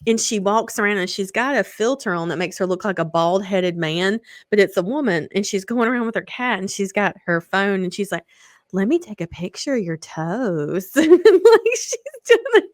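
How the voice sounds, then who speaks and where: A woman's voice: medium pitch, lively intonation, moderate pace, few pauses, dry recording. A woman in her thirties chatting casually, talkative, laughing often and swearing freely. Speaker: podcast co-host. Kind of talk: casual chat.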